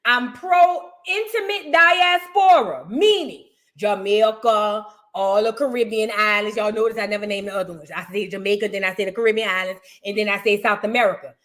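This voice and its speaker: A woman's voice: medium pitch, normal speed, hardly any pauses, a bit bright. A woman hosting her own commentary channel, talking in a rambling, slangy and blunt way. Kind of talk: casual reaction commentary.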